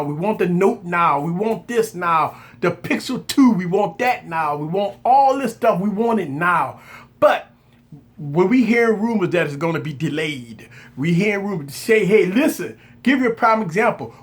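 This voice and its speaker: A man hosting a casual tech livestream, preaching his point with lots of repetition and mock shouted reactions, greeting viewers by name. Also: sits high. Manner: repeats phrases for emphasis, greets viewers by name. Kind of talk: casual live chat.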